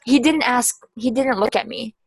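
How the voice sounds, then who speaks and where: A woman's voice: on the high side, moderate pace, husky, no room sound. A young woman co-hosting a casual podcast chat over a video call, chatty and laughing often. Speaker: podcast co-host. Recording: crunchy video call audio.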